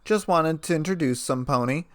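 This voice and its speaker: A man's voice: a little high, normal speed, fairly bright tone, no room sound, studio quality, voice pushed up, natural voice. A man voicing an eager, obsessive young female unicorn who talks in an insistent way.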